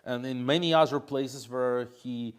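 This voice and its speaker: A man's voice: medium pitch, fairly even intonation, measured pace, smooth. A man, answering interview questions in English with frequent fillers and restarts. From Russia. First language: Russian. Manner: hesitant, many fillers and restarts. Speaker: interview guest, opposition politician.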